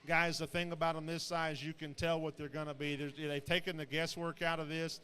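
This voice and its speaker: A man's voice: on the high side, little pitch movement, fairly quick, bright, forceful tone. A man doing rambling, folksy live commentary at a show pig sale, full of fillers and restarts. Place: livestock sale barn. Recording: long echo of a large hall.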